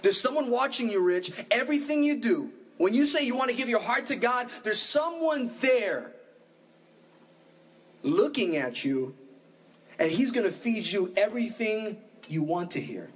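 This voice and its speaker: A man preaching a sermon as pastor, animated, acting out the voices of his congregation. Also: high-pitched, a little slow, recorded from a distance, rough recording.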